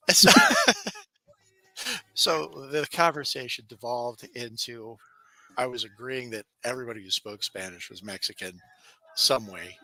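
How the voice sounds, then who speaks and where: A man's voice: mid-range voice, moderate pace, no echo. A man co-hosting a casual podcast chat, telling stories with frequent laughter and acted-out quotes. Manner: animated storyteller, laughs often, acts out quotes. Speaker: podcast co-host.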